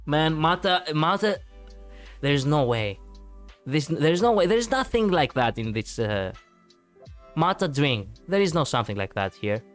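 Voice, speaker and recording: A man chats loosely on a live stream, rambling from thought to thought and answering viewers' comments as they come. His voice sits at a middling pitch, and faint music plays underneath. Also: big pitch swings, a little slow. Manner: rambling, chatty, reacting to chat, frequent fillers. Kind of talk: casual live-stream chat.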